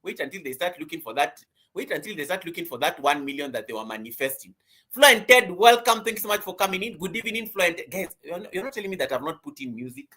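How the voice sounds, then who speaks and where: Male host, fairly high and bright, chatty and teasing, casual live-stream coaching. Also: expressive, fast talker, slightly rough. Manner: chatty, greets viewers by name, teasing.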